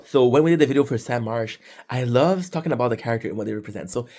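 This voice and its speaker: A man's voice: mid-range voice, animated, very fast, mellow. A man talking casually about a figure from his collection, rambling, restarting sentences and swearing freely. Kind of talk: casual rambling talk to camera. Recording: distant mic with noisy room ambience.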